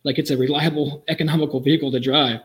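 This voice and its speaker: A man who builds custom vehicles, telling animated, enthusiastic stories as a podcast guest. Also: fairly high pitch, low-quality recording. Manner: animated, enthusiastic, quick storyteller. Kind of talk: casual storytelling in a podcast interview.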